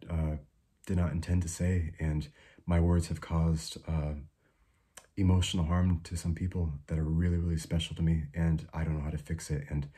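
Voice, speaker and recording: A young man giving an informal devotional talk, soft-spoken and unhurried, with many fillers and restarts. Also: extremely low pitch, slightly rough. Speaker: preacher.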